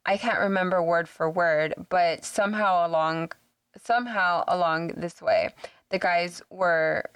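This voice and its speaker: A woman's voice: on the low side, unhurried, fairly bright tone, clear, resonant tone, no echo. A woman from San Antonio, Texas, co-hosting a podcast and telling a spooky story in a rambling way, with lots of fillers and swearing. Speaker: podcast co-host. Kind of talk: casual chat, ghost story telling.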